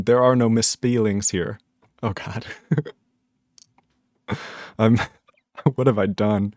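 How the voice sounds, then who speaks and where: A man's voice: fairly low pitch, steady tone, slow, pauses often, a little mellow, dry recording. A man on a casual live stream, reading chat messages aloud, laughing often and puzzled by the jokes.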